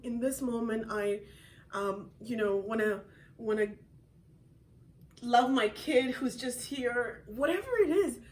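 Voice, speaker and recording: Earnest high-voiced woman on a live stream. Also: distant mic, a little hiss or hum, low-quality recording. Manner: earnest, self-disclosing, laughs often. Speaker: author hosting a live video. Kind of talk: motivational live-stream talk. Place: home.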